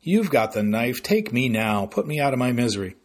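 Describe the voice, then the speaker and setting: A man's voice: mid-range voice, sing-song, fairly quick, slightly rough. A man voicing a sarcastic seventeen-year-old boy who grumbles about his plans.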